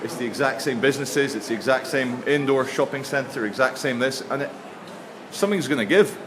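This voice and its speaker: A man's voice: medium pitch, brisk. Sardonic man vlogging on city streets. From England. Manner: chatty, sardonic, mocking asides. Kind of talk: walking city vlog. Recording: outdoor street noise with traffic.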